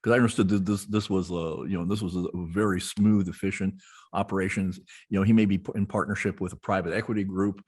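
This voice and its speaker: A man's voice: sits low, fairly even intonation, fast talker, a little mellow, husky. A middle-aged man telling a long personal story in casual conversation, rambling with many restarts and fillers. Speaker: podcast host, guest being interviewed.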